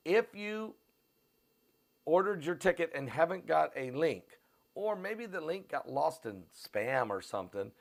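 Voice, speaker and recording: A man with an American Midwestern accent hosting a live stream, pushing tickets in a repetitive, urgent pitch full of fillers. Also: big pitch swings, a little slow, gravelly. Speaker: host of a prophecy channel. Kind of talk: live-stream promotion and commentary. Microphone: on camera.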